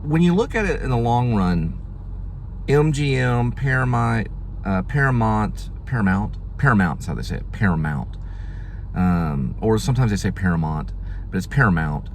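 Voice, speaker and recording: A man's voice: mid-range voice, very animated, fairly quick. A man hosting a casual vlog outdoors, rambling along, joking and correcting himself as he goes. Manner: rambling, jokey, self-correcting. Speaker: vlog host. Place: outdoors near city traffic. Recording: outdoor traffic noise.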